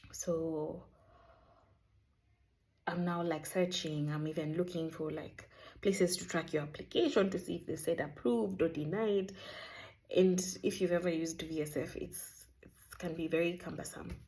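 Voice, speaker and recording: Chatty woman with a warm voice. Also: fairly low pitch, a little slow, long pauses. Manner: chatty, animated, sprinkles in Swahili words. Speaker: vlogger sharing a faith testimony. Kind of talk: casual storytelling.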